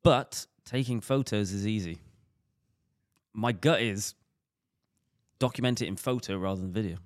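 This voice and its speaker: Guy on a cycling podcast, low voice, dry sound, laid back chat. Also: moderate pace, pauses often, no room sound. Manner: chatty, laughs easily. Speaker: podcast host.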